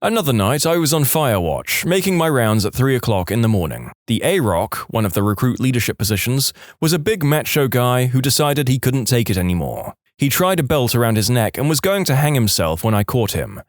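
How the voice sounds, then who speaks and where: Guy reading stories out for a podcast, super lively up-and-down voice, dry close sound. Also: mid-range voice, fairly quick, few pauses, dry recording. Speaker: podcast narrator. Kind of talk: storytelling reading of online posts.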